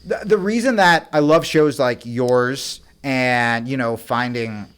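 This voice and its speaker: A young man at a mid-range pitch spins long, profane anecdotes as a podcast guest. He rambles through fillers and restarts in a relaxed, chatty way. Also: slow pace, smooth. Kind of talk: casual storytelling chat.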